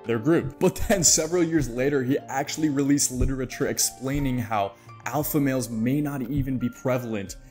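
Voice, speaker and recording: A man's voice: mid-range voice, a little fast, a little mellow, faint music behind. A man narrating his own video essay in a playful, jokey way, with mock-dramatic asides.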